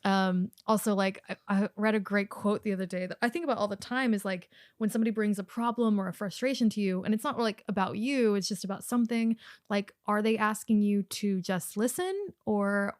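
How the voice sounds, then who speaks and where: A woman from the States co-hosting a podcast in casual chat, emotional and quick to laugh, with many fillers. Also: mid-range voice, fairly even intonation, no echo, studio quality. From United States. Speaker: podcast co-host.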